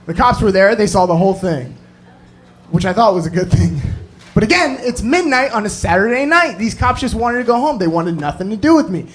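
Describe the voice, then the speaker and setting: A man telling a stand-up comedy story, animated and prone to screamed impressions. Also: high-pitched, brisk, a little hiss or hum.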